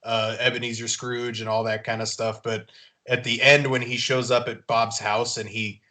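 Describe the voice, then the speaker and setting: A man who is a father, co-hosting a podcast in relaxed, easygoing casual chat. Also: medium pitch, moderate pace. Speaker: podcast co-host. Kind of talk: casual chat about films.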